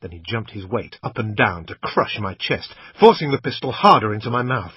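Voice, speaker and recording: A man with a husky voice narrating a thriller in the first person, in a tense, gritty way. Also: on the low side, big pitch swings, fairly quick, hardly any pauses, a bit bright, no room sound. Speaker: audiobook narrator. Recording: muffled lo-fi recording, dry.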